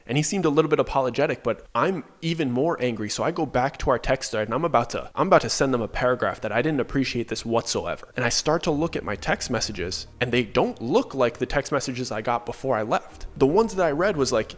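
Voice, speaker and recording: A man tells a story at a brisk clip. He speaks at a mid pitch and acts out every quoted line with animated energy. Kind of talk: first-person storytelling.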